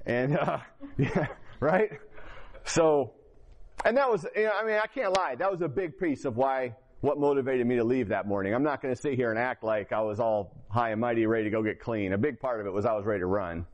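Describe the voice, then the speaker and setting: A middle-aged man from Indiana tells his story in an open, plainspoken way, often restarting his sentences. His voice sits in an ordinary middle pitch. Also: brisk. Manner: candid, rambling, with many restarts. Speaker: recovering addict telling his story. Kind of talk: personal testimony.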